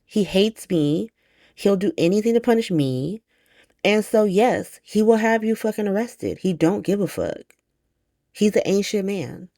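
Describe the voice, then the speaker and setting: A woman's voice: medium pitch, darkish tone, no room sound, clean studio sound, lightly acted. A woman voicing a protective father who lectures bluntly and swears freely. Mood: stern.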